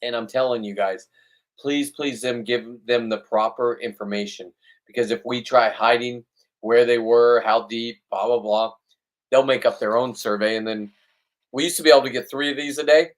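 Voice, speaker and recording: A man's voice: mid-range voice, steady tone, normal speed. A man talking to the camera in a casual fishing vlog, blunt and rambling, joking about himself. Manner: blunt, rambling, self-deprecating. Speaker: fishing vlogger.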